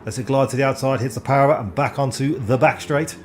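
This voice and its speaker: Guy commentating sim racing, rambly and excitable, mid pitch voice, faint noise behind. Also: brisk. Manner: excitable, chatty, rambling, stumbles over names. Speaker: race commentator.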